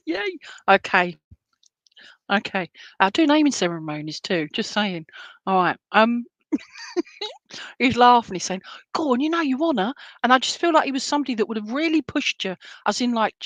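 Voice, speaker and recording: Lady medium doing a reading online, chatty and reassuring, whispers bits to herself, mid pitch, dry close sound. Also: no echo. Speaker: spiritualist medium. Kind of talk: live online clairvoyant reading.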